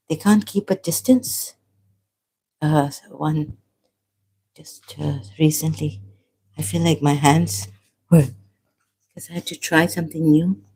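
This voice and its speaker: A tired woman from Pakistan talking alone on a livestream at home, halting and apologetic, often trailing off and restarting. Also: low voice, slight background noise, poor audio. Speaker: livestream host. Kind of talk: rambling livestream monologue. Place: at home, making tea.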